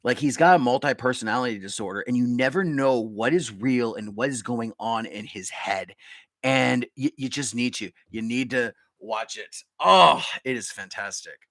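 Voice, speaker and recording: Male live-stream host, excitable, rambling, dry close sound. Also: medium pitch, dry recording. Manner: excitable, rambling, quick bursts. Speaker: podcast host. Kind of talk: casual live-stream chat.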